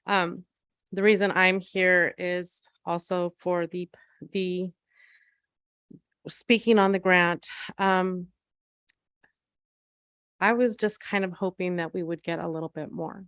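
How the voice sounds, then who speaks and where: A woman, a shelter program manager, giving an earnest, emotional public comment at a city council meeting, halting often with fillers. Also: fairly low pitch, steady tone, a bit bright, smooth, no room sound, clean studio sound.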